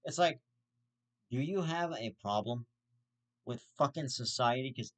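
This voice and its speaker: A man hosting his own vlog, ranting with constant swearing and sudden outraged jumps in pitch. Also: lively intonation, unhurried. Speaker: host. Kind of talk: profane vlog rant.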